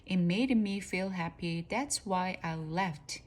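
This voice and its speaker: Lady reading as a kind old wood carver guy, gentle and reassuring, slow. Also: lowish voice. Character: kind older man, famous wood carver.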